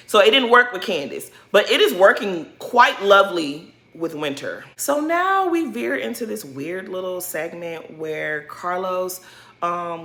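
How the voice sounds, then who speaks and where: A woman gives a sassy, animated recap of a reality show and talks straight to the people in it. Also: mid-range voice. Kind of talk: casual recap commentary.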